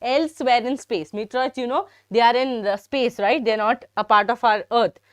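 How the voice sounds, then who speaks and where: A woman's voice: a little high, moderate pace, no room sound. A young woman with an Indian English accent teaching a live biology class, chatty and teasing, often turning to her students. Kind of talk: live online biology lesson.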